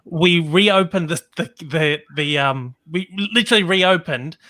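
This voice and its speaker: Bright-voiced Melbourne Australian man. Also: on the high side, a little slow, no echo. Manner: energetic, chatty, frequent fillers. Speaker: podcast guest. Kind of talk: casual chat.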